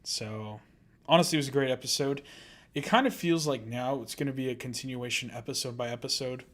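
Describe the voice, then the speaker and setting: A man's voice: mid-range voice, brisk. A man co-hosting a casual anime podcast who keeps breaking into laughter and losing his train of thought. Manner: giggly and easily distracted, often breaking into laughter. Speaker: podcast co-host.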